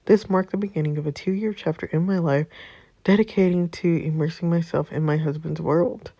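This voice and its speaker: A woman's voice: low-pitched, fairly even intonation, moderate pace, warm tone, dry recording, dull audio. A woman reading the lines of a possessive, blunt young wife in a story game, and its narration.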